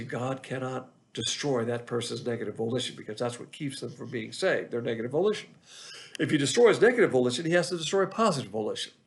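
A man with a heavily gravelly, fry-laden voice delivers a Bible lesson from the pulpit. He speaks in a measured teaching cadence at a middle pitch and circles back over his phrases to drive each point home. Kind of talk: sermon.

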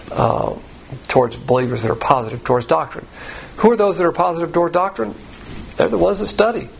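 Man, gravelly voice, mid pitch, expository sermon, emphatic peaks, faint background hiss. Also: rough recording. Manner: emphatic, rising sharply on key points; plain conversational teaching with fillers. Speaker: Bible teacher.

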